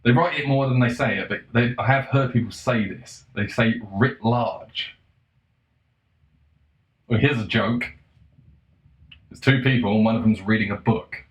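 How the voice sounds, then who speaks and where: A man in the middle of a casual rant, sarcastic and exasperated, dropping swears and the odd laugh. His voice sits at an ordinary middle pitch. The room around him rings with noticeable echo. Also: a little slow, long pauses. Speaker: vlogger. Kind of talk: casual ranting monologue.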